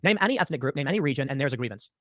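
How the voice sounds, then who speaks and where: Male political commentator, fast and lively delivery, dry close mic. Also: medium pitch, no echo. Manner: rapid, emphatic, lecturing. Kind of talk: opinionated commentary.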